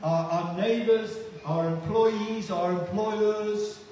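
A man's voice: high-pitched, steady tone, slow pace, darkish tone, slight background noise. Earnest man preaching in an echoey hall. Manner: earnest, repeats words for emphasis. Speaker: pastor. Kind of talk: sermon. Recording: echoey hall, distant mic.

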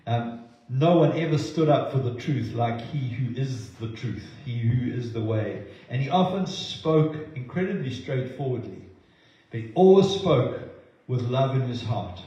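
A man preaching a sermon in an earnest way, often repeating words as he goes and acting out quotes with lively voices. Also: medium pitch, a little slow. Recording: very echoey, slightly dull sound.

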